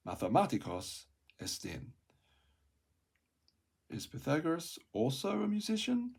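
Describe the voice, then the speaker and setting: A man reading through a Greek textbook aloud, sounding out words slowly, repeating them and correcting himself, with quiet asides. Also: mid-range voice, big pitch swings, gravelly, husky. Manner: thinks aloud with soft asides.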